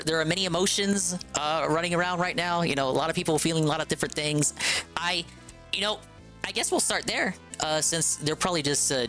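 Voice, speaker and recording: A man hosting a casual live stream, excitable and rambling, with lots of fillers and restarts. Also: on the high side.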